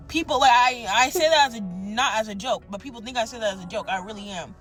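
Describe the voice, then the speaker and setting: A woman's voice: a little high, fast, few pauses, a bit bright. Woman rambling thru a story time, blunt, faint music under it. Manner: blunt, rambling, acts out quoted voices. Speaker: storyteller in a played clip.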